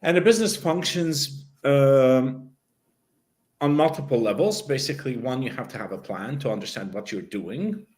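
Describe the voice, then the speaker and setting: A man's voice: mid-range voice, lively intonation, normal speed, darkish tone. A man who hosts an online talk show as a psychic medium, laughing often and explaining ideas step by step in casual chat.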